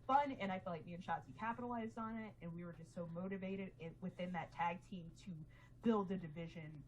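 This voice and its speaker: A woman's voice: lowish voice, a little hiss or hum, rough recording. A woman telling her story candidly as an interview guest, emotional and acting out quotes.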